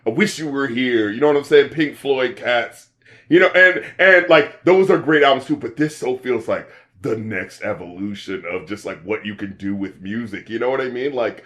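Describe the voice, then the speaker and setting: A man co-hosting a casual album reaction talk, excitable and swearing, often laughing and speaking straight to the listener. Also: mid-range voice, normal speed. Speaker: co-host reviewing albums.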